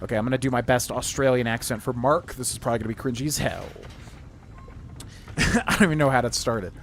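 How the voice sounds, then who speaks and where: A man's voice: mid-range voice, fast talker, slight background noise. A man streaming a role-playing game, chatting casually and reading in-game text aloud. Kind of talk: casual gameplay commentary.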